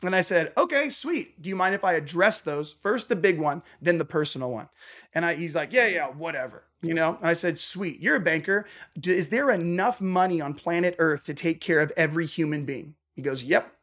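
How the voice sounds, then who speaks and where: A man, a traveling worship musician, telling a passionate faith story and acting out the back-and-forth of a conversation. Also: a little high. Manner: animated, acts out dialogue in quick bursts.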